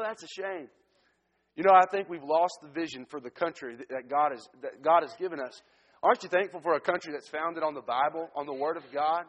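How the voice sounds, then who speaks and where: A man's voice: fairly high pitch, fairly bright tone. A man giving an earnest testimony sermon as a missionary preacher, often restarting his sentences. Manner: earnest storytelling, frequent restarts. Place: church sanctuary. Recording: long church hall reverb.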